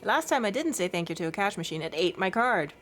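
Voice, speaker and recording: A woman's voice: medium pitch, animated, fast, a bit bright, a little hiss or hum. Chatty, giggly woman streamer. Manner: chatty and giggly, baby-talking to her cat. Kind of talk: casual chat with stream chat.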